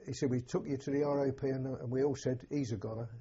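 An older English man, a war veteran, telling an oral history in a halting, plain-spoken way with a husky voice. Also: medium pitch, steady tone, mellow, muffled recording. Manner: halting, plain-spoken storytelling with many restarts. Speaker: war veteran recounting memories.

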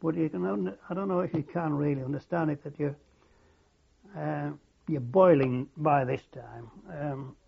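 Older man, gravelly and husky, lo-fi tape. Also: fairly high pitch. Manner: halting, reflective, many fillers and restarts. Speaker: war veteran interviewee. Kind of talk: oral history interview. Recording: dull lo-fi recording.

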